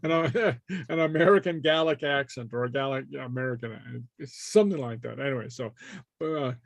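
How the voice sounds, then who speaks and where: A man leads a relaxed class, stopping often on "uh" and chuckling between his points. His voice sits in a middle range and sounds dry and close to the mic, with no room around it. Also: mid-range voice, moderate pace, gravelly, no echo. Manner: hesitant, many fillers and chuckles. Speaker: Gaelic teacher. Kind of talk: casual online class.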